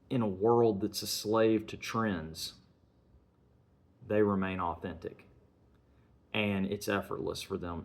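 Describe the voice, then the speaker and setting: A man reviewing a film, retelling its scenes in an earnest, measured way and chaining sentences with "and". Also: low voice.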